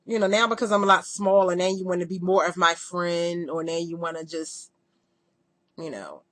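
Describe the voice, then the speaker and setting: Candid, chatty woman with a low voice. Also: fairly even intonation, fairly bright tone, dry recording. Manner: chatty and candid, quick rambling talk with fillers. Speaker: vlogger. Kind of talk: casual video diary.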